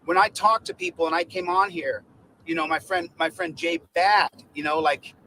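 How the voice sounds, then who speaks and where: A man with a fairly high voice rallying his followers. He stumbles over his words and repeats himself as he exhorts them. A faint noise sits behind him. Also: normal speed, pushed and bright, rough recording. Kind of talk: rallying monologue.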